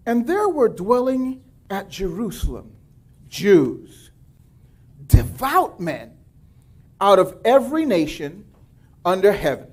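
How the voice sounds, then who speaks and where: A male pastor preaching a sermon, reading scripture and breaking off into lively asides. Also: high voice, takes it slowly, long pauses.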